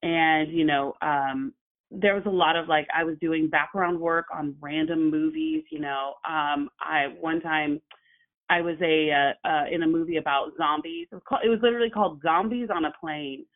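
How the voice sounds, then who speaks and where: A woman, an actress and journalist, telling her story as a guest in a casual conversation, animated and full of fillers. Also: low-pitched, normal speed. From Oklahoma. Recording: phone-like narrow sound.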